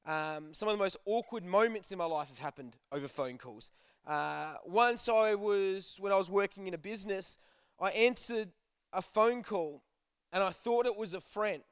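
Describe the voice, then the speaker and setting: High-voiced, chatty man preaching. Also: normal speed, smooth, dry recording, studio quality. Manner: chatty, jokey, acts out dialogue. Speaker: youth preacher. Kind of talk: casual storytelling sermon.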